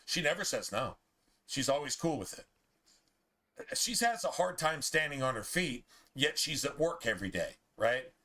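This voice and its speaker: A man's voice: mid-range voice, big pitch swings, normal speed, bright, forceful tone. A man streaming a game, telling a heated, profane story in casual chat. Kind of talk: ranting chat over gameplay.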